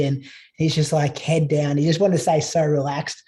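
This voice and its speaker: A man hosting a podcast interview, relaxed and conversational. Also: a little high, fairly quick. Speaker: podcast host.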